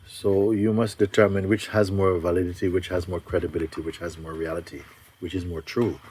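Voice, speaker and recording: A man as a spiritual teacher giving a spontaneous talk to a gathering, gentle and unhurried, often breaking into laughter. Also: sits low, level tone, breathy edge. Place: retreat gathering.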